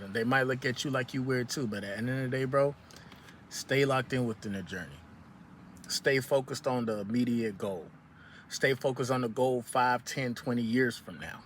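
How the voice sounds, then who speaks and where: A man's voice: mid-range voice, a bit bright, slight background noise. A man vlogging outdoors in the sun, giving a profane, preachy motivational rant with lots of repetition.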